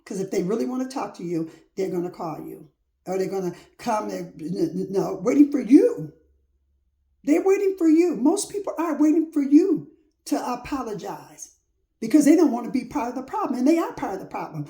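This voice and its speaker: Her voice is a little high, mellow, and sing-song, moving fairly quickly. Delivering a casual faith-centered pep talk, she repeats herself emphatically like a preacher and keeps her phrasing homespun, all in a roomy, echoing space.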